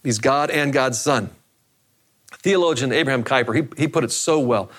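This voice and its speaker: A man's voice: mid-range voice, normal speed, a bit bright. A man preaching a sermon in a conversational way, often repeating phrases for emphasis. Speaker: pastor.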